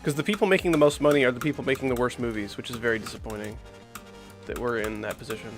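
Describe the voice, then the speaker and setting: A man's voice: medium pitch, fairly even intonation, quick pace, soft background music. A man in his thirties streaming a game from home, chatting loosely with viewers and answering chat between plays, full of filler words. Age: 30s. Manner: rambling, many "like" fillers, reacts to chat mid-play. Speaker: streamer playing requested game levels.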